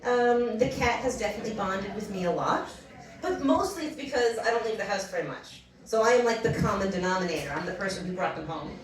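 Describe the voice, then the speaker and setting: A young woman telling a funny personal story on a comedy stage. She talks in an animated way, laughs often and acts out the voices in her story. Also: medium pitch, a little fast. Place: small comedy venue. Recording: roomy distant mic with audience. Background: audience laughing.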